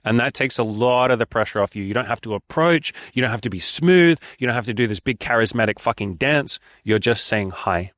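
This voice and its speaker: A man's voice: medium pitch, animated, fairly quick, hardly any pauses, fairly bright tone, no echo, studio quality. A young man giving frank dating advice in a casual vlog. He is blunt, swears freely and acts out bits of dialogue. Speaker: dating coach.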